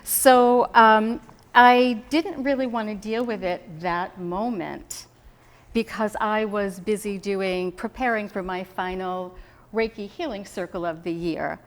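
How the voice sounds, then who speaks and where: A woman's voice: medium pitch, slow pace. Woman minister, conversational sermon, chatty storyteller who laughs often. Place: spiritual center meeting room. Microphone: hidden mic.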